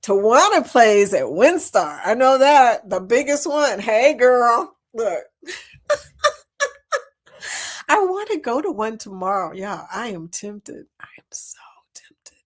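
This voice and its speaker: A woman's voice: medium pitch, animated, a little slow. A woman hosting a casual livestream, chatty and giggly, calling her viewers y'all as she reads their comments. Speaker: livestream host. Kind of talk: casual live chat reading comments.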